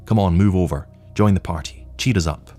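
A man voicing a loud, boisterous, drunk film director with brash, slangy talk. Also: deep voice, a little fast, soft background music. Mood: rowdy.

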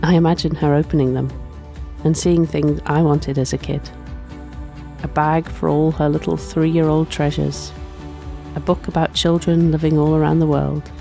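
A woman reads a first-person story aloud in a soft, reflective way, often sighing between lines. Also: low-pitched, flat delivery, normal speed, gravelly, faint music behind. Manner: soft, reflective, with frequent sighs. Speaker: narrator.

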